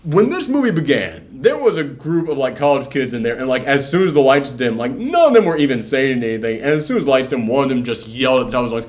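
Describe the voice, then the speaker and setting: A young man co-hosting a casual movie review chat, excitable and swearing freely as he acts out quotes. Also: mid-range voice, quick pace, few pauses. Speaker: co-host of a movie review show.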